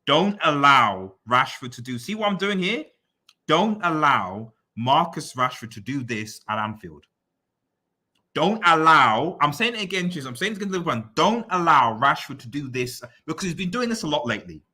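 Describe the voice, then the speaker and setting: A man's voice: a little high, normal speed, slightly rough. A man live-streaming, reading out viewer comments and answering them in a teasing, repetitive running rant. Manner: repeats phrases, teasing, excitable rants. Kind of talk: casual live-stream chat.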